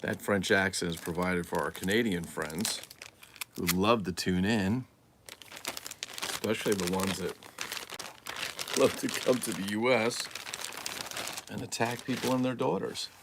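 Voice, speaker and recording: A man's voice: lowish voice, a little slow, pauses often, noisy background. A man hosting a casual livestream, putting together a collectible mask while chatting and cracking crude jokes to his viewers. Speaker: toy collector livestream host. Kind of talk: casual unboxing livestream chat.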